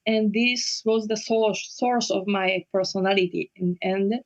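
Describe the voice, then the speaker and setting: A woman whose first language is Japanese, speaking slowly and hesitantly with many fillers as an interview guest. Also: medium pitch, level tone, lo-fi sound. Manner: slow and hesitant, frequent fillers and restarts. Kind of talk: casual interview conversation.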